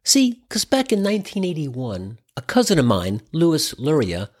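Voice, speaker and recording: A man's voice: fairly high pitch, wildly swooping pitch, moderate pace, darkish tone. A man in his sixties from the US Midwest, telling a wry, irreverent comedic story in a conversational way. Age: 60s.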